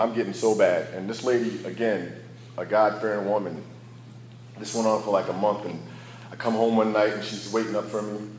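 A man's voice: lowish voice, darkish tone, echoey room, slight background noise, poor audio. A man sharing his personal recovery story as a candid, storytelling speaker who laughs at his own past. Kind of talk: personal testimony talk.

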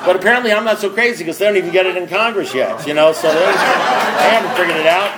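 At a recovery meeting, a man tells his story with wry, self-mocking humor and emphatic, repeated build-ups. His voice sits high and he talks fast. The recording is very noisy.

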